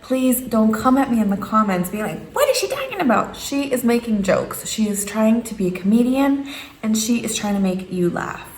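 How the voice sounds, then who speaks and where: A woman's voice: fairly high pitch, moderate pace, darkish tone. A woman in her thirties, hosting a casual, joking home vlog and putting on exaggerated voices when she quotes people. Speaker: vlogger. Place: home room. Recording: echoey room with faint background noise.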